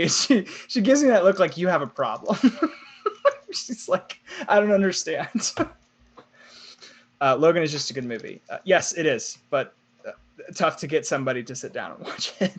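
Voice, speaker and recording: A man's voice: fairly high pitch, fairly quick. A young man co-hosting a live podcast, chatting casually, laughing often and reading chat comments aloud. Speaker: podcast co-host.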